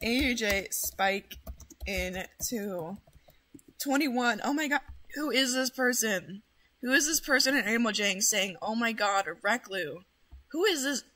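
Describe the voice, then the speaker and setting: A woman hosting a casual game stream, loud and excitable, swearing often and bossing her chat around. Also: on the high side, measured pace. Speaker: streamer host.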